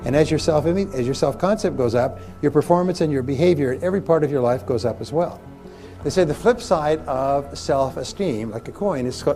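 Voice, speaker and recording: A man's voice: on the high side, mellow. Emphatic man giving a motivational talk. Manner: emphatic and repetitive, leading the audience in call-and-response. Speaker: motivational speaker. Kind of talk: motivational seminar talk to a live audience.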